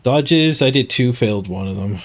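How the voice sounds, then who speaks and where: Over soft background music, a man with a mid-range, animated voice talks at a moderate pace while streaming a game. He's slightly congested, musing casually to himself, muttering and laughing at the stats as he goes.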